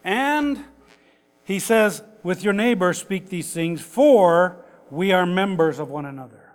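A man's voice: high voice, animated, slow pace. An older man preaching a conversational sermon as pastor, folksy and chuckling, building to emphatic points. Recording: reverberant hall.

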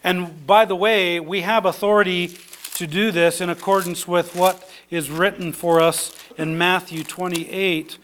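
A man preaching a sermon, conversational, swinging between soft low asides and excited high bursts. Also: clean tone.

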